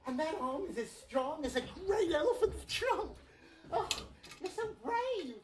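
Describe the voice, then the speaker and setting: A woman voicing a swooning, lovesick male emperor in a comedic audio play, breathy, giggly and flirtatious. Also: very high voice, sing-song, a little slow, darkish tone, reverberant, exaggerated voice.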